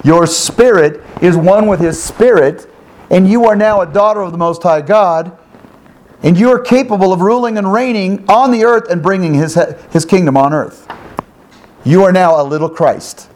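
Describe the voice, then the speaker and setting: A man teaching the Bible one-on-one in an animated way, with exclamations, rhetorical questions and repeated phrases. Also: high voice, normal speed. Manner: animated, with exclamations and sound effects.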